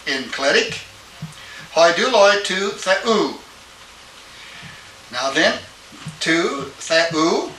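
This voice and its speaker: Captured on hissy old tape that sounds distant and roomy, this is an older man lecturing a class on Greek grammar. His voice is high, bright and forceful, and he patiently stops to ask his students "all right?"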